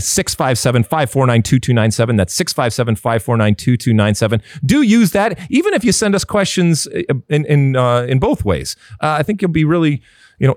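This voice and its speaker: A man's voice: medium pitch, a little mellow, no echo, clean studio sound. Opinionated middle-aged man hosting a sports podcast. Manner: emphatic, opinionated, with many fillers. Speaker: podcast host. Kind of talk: casual sports talk.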